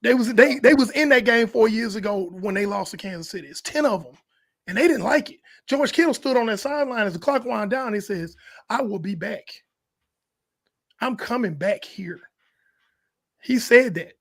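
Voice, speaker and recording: High-voiced man in lively sports banter. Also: fairly quick. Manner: animated, acts out quotes in shifting voices. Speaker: podcast co-host. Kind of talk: casual sports talk.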